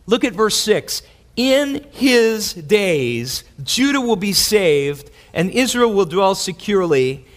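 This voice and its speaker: A man preaching a sermon as pastor, animated, acting out quotes with big swings in his voice. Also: high-pitched, takes it slowly. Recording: long hall reverb.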